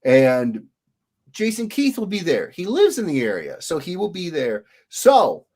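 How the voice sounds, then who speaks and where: Lively man hosting a livestream. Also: fairly high pitch, unhurried. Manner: animated, reads viewer comments aloud in sing-song greetings. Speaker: livestream host, illustrator. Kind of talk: casual livestream chat.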